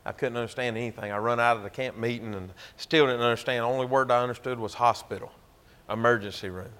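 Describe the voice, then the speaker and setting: A man's voice: mid-range voice, steady tone, fast talker, a bit bright, smooth. Man, pastor, Georgia Southern accent, folksy emphatic sermon storytelling. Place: church.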